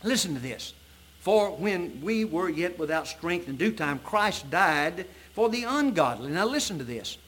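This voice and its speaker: A man preaching an evening sermon in a church, reading scripture in old-fashioned wording and swinging between loud emphatic peaks and low, soft passages. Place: church sanctuary at an evening service.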